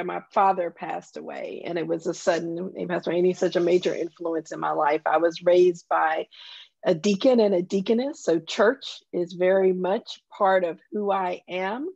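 A woman's voice: fairly low pitch, gravelly, darkish tone, dry recording, muffled recording. A woman with a Southern accent, a guest telling personal stories in an earnest, heartfelt way. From Southern US countryside. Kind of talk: conversational interview.

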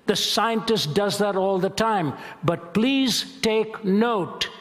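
A man's voice: sits high, slow pace, a bit bright, in a large hall. A man giving a passionate, emphatic sermon-style lecture on ethics, speaking as a Christian apologist.

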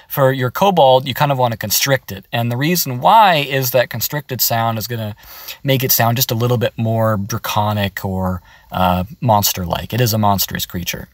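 A man's voice: mid-range voice, normal speed, no echo, clean studio sound. A man giving a casual, upbeat voice acting tutorial, explaining step by step from his car.

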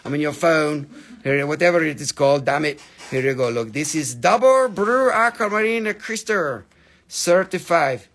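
A man running a live sales stream, joking, swearing and excitable, while he is losing his voice. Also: on the high side, normal speed.

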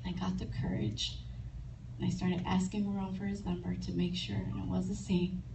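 A woman's voice: on the low side, little pitch movement, normal speed, creaky. A woman preaching at a women's retreat, telling a personal story animatedly and often laughing or tearful while acting out conversations. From Chicago. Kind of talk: testimony sermon. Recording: echoey room from far off with noise.

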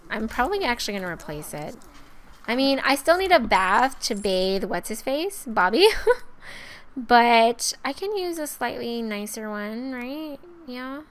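Young female let's-player, animated and talky, voice leaping up and down as she reacts to the game. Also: on the high side, unhurried, a little hiss or hum. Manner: chatty and excitable, talks to the game characters. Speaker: let's play host. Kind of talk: casual gameplay commentary.

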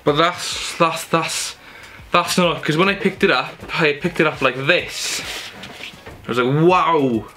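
A man's voice: on the high side, measured pace, bright, forceful tone. A young man, chatty and enthusiastic, showing off his Christmas gifts at home in a casual haul video. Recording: background music under the voice. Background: music playing.

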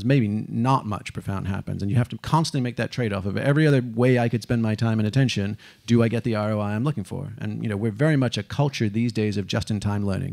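A man giving a lively stage talk, animated and casual, cursing now and then and acting out the people he quotes. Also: fairly low pitch, vocal fry. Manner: animated, swearing, acts out quotes. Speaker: speaker.

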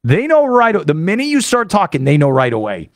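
An American man, a sports radio host, talking fast and eagerly in a studio monologue. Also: sits high, wildly swooping pitch, no echo. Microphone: studio microphone.

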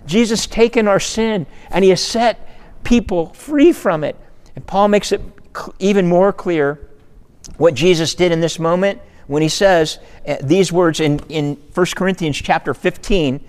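A man's voice: a little high, moderate pace, in a large hall. A man preaching a sermon in earnest, repeating words and building to emphatic peaks. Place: church sanctuary.

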